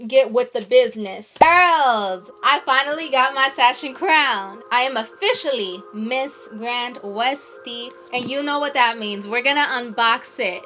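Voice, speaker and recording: Young adult woman, pageant queen vlogger; gushing, emotional, sharp bright tone. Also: fairly high pitch, unhurried, few pauses, faint music behind. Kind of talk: casual unboxing vlog.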